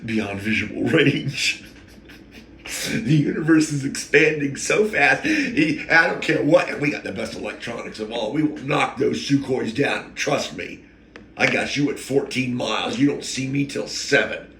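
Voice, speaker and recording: A man's voice: mid-range voice, lively intonation, unhurried, sharp tone, a little hiss or hum. A man hosting a rambling, emotional spiritual monologue, often wandering off topic and catching himself. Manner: digressive, emotional, self-interrupting. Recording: echoey room.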